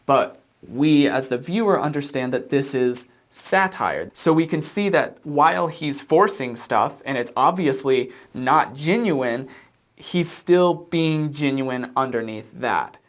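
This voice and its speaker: A man giving reaction commentary as a body language analyst, explaining things in a measured way. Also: mid-range voice, expressive.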